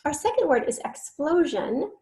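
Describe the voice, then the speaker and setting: A woman's voice: high-pitched, sing-song, moderate pace, dark tone. A woman teaching a spelling lesson, patient and encouraging, sounding words out syllable by syllable.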